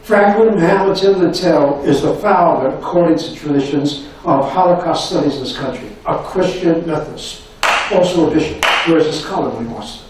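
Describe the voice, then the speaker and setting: An older man giving a university lecture, telling stories in an animated way and repeating his phrases. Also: fairly high pitch, moderate pace, far from the mic, slight background noise. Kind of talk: anecdotal lecture storytelling. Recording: echoey room recorded from afar.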